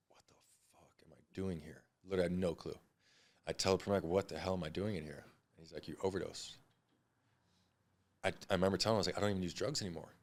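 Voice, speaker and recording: Fast-talking low-voiced man. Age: 30s. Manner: blunt, frequent swearing, rapid storytelling. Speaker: podcast guest. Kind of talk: candid storytelling interview.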